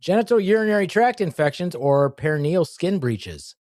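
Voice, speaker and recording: A man's voice: a little high, sing-song, moderate pace, a little mellow, no echo, studio quality. A man co-hosting a podcast, a nurse explaining things in a jokey, mock-dramatic way. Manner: jokey, mock-dramatic, hammy segment announcements. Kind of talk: casual comedic chat.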